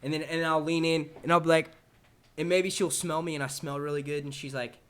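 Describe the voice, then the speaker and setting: A man's voice: fairly high pitch, little pitch movement, fairly quick, clear, resonant tone. A young man hosting a casual live stream, swearing and laughing a lot as he reads out viewer comments. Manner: loose, profane and jokey, laughing often. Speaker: YouTube show host. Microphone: desk microphone.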